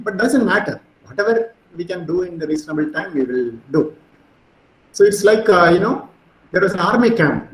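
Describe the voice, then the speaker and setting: A middle-aged man giving a physics lecture, animated and storytelling, with frequent fillers. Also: high-pitched, reverberant, poor audio.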